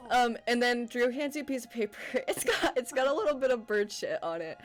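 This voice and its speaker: Game master, woman, casual and giggly, lively intonation, slightly high. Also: fairly quick. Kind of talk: narrating a tabletop game.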